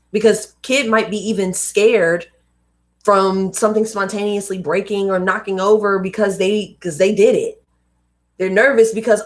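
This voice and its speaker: A woman's voice: mid-range voice, steady tone, moderate pace. A young adult woman hosting a live read-aloud, reading a book and adding casual, emphatic asides. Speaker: host reading books aloud.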